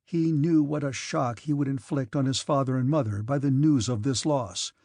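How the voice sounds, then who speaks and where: A man reading a classic novel aloud as an audiobook narrator, in a measured way with a husky, gravelly voice. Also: mid-range voice, mellow, dry recording, studio quality.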